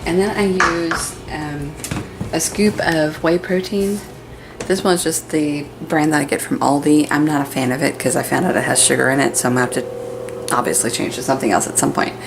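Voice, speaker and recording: A woman's voice: deep voice, steady tone, fairly quick, noisy background. Chatty woman vlogging at home. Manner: chatty, cheerful, talks to her pets in baby talk. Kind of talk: casual home vlog. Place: home kitchen and living room.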